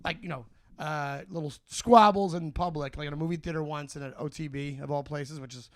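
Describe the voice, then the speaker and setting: A man's voice: a little high, steady tone. A man co-hosting a comedy podcast, telling rambling stories and laughing often in casual chat. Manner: rambling storyteller, quick to laugh. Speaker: podcast co-host.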